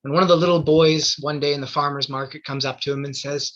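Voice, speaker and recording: A man's voice: fairly high pitch, steady tone, fast talker, fairly bright tone. A man hosting a stage show and telling jokes, chatty with fillers, recorded lo-fi in a theatre. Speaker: host. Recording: dull lo-fi recording.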